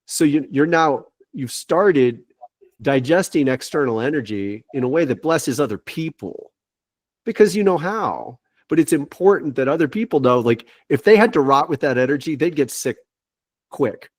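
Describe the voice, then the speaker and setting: A man giving spiritual guidance over a video call, reassuring and halting, with frequent restarts. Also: on the high side, animated, no room sound, clean studio sound. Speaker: spiritual guide giving readings.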